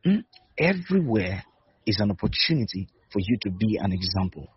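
A man's voice: fairly low pitch, very animated, a little fast, dry recording. A man preaching a sermon as a pastor, repeating short exhortations and asking his listeners if they are listening. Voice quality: husky. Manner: repetitive, emphatic exhortation with rhetorical questions. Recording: dull lo-fi recording.

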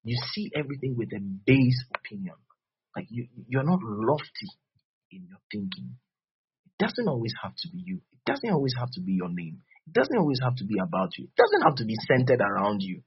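A man preaching a sermon as pastor, repeating phrases and swinging between loud bursts and soft drops. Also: mid-range voice, wildly swooping pitch, brisk, slight background noise. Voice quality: husky. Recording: dull lo-fi recording.

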